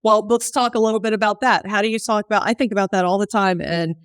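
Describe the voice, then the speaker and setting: A woman's voice: medium pitch, steady tone, fast, clean tone, no room sound, clean studio sound. A woman hosting an interview, asking questions and reflecting thoughtfully, sometimes searching for words. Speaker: podcast host.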